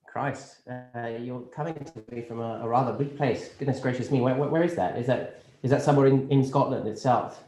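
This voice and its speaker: A man's voice: medium pitch, a little fast, few pauses, warm tone, voice pushed down, natural voice. Man doing posh upper-class English minister, pompous, rambling, swearing, echoey room. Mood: smug. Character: posh entitled Tory male minister, crude and smug. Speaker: comedian in character as a government spokesman. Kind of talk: improvised satirical press conference.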